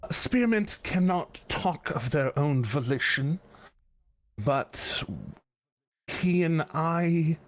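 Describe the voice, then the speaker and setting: A man voicing a gentle, caring woman with a soft Southern accent who speaks through a familiar, in a halting, soft-spoken way. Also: a little high. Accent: soft Southern US (put on).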